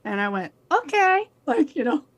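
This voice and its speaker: Speaking in a mid-range voice, a little on the slow side, a woman co-hosts a podcast. She relates a story in relaxed conversation and acts out what the people in it said.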